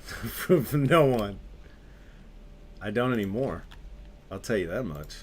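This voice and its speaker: A man's voice: lowish voice, lively intonation, slow. A young adult man on a gaming stream, casually telling a story while he plays, laughing often and talking in loose slang.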